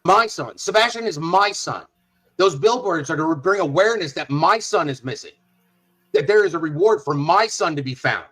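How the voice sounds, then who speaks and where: A man's voice: a little high, animated, normal speed, pushed and bright, husky, soft background music, low-quality recording. A father speaking on a live panel in a heated, profane, confrontational rant. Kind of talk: angry rant.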